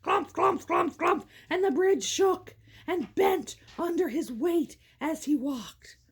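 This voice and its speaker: A woman's voice: very high-pitched, animated, slow pace, gravelly. A woman from Canada reading a children's story aloud, wandering into jokey, rambling asides. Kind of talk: casual read-aloud storytelling.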